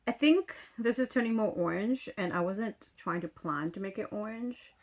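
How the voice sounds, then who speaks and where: A woman in her thirties, speaking at a normal pace in a mid-range voice, tells a story in casual vlogger chat. She sounds exasperated, swears casually, and fills her speech with fillers.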